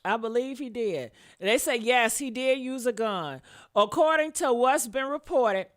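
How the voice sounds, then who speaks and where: A woman's voice: on the high side, a little slow. A woman in her fifties giving casual live commentary on a crime case, blunt and profane, talking straight to her viewers. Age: 50s. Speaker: commentary vlogger.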